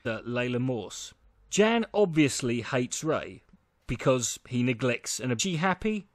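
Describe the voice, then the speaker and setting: A man narrating a film review from a script, measured and posing rhetorical questions. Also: mid-range voice, big pitch swings, no room sound.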